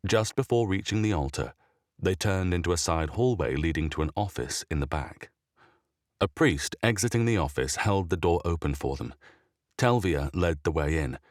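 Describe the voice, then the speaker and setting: Low-voiced man narrating a story. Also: no echo, studio quality. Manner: even, measured storytelling.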